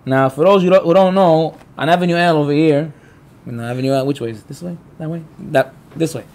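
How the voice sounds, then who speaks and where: A man's voice: a little high, fast talker. A man, a rabbi, giving a Torah class to a live group, telling stories with energy, acting out quotes and asking the room questions. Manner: animated storyteller, acts out quotes; talks to the room, asks the listeners.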